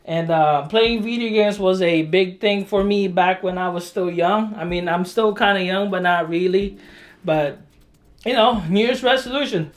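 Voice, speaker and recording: At home, a hobbyist vlogger in their thirties builds a computer while chatting casually to the camera in a mid-range voice. The narration is rambling and full of filler words, self-deprecating asides, and the occasional excited whoop.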